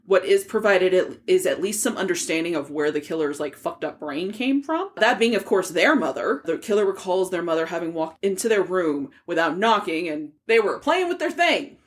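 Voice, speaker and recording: A young woman co-hosting a casual book podcast, recapping chapters in a chatty way with plenty of "like" fillers and casual swearing. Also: medium pitch. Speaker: podcast co-host.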